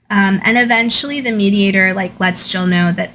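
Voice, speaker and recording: A woman's voice: medium pitch, fairly even intonation, normal speed, hardly any pauses, a bit bright, slight background noise. A young adult woman hosting her channel. She reads passages from a book and comments on them in a chatty way, often saying "like" and "um". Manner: chatty, frequent "like" and "um". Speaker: channel host. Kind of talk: casual storytime commentary, reading from a book.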